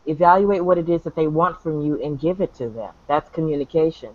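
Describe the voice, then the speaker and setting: A woman's voice: low voice, a little fast. A woman in casual chat, frank and blunt, agreeing with the others. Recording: dull lo-fi recording.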